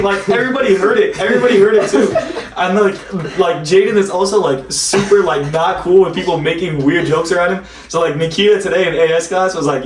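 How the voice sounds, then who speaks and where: A man's voice: high voice, fairly quick. A man hosting a casual chat, rambling through school stories and laughing often. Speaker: podcast host. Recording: echoey room, distant mic, faint noise.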